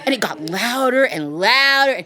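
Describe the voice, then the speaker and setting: A woman storyteller telling a folktale live in a studio, animated and chuckling between lines. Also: on the high side, moderate pace, very noisy. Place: recording studio.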